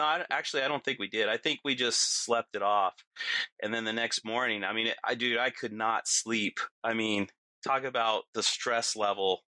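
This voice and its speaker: A middle-aged man as a podcast guest, telling a story in casual talk, animated and laughing often, acting out what people said. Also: mid-range voice, no echo.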